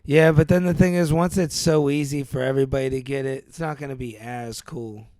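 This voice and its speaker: A man's voice: mid-range voice, fairly even intonation, fairly quick, a little mellow, no echo. A man co-hosting a podcast, joking and teasing his friend in laid-back, casual chat. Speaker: podcast co-host.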